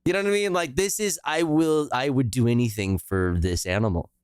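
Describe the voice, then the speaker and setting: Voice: medium pitch, brisk, a little mellow, smooth, no room sound, clean studio sound. A streamer reacting to a video in casual commentary, gushing over cute animals, swearing casually and saying "bro" a lot.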